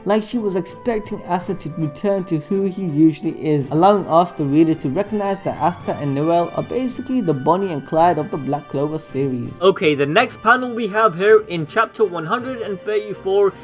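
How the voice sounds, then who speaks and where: High-voiced sarcastic male commentator. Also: a little fast, few pauses. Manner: casual, sarcastic, with slang and swearing. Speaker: anime commentary narrator. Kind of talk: scripted voice-over commentary. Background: faint background music.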